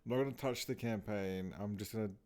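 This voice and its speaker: A tired man mutters to himself as he draws on stream, yawning between thoughts. His voice sits a little low and comes across mellow and dark. He talks in a loose, offhand way. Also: quick pace. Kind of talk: casual talk while drawing.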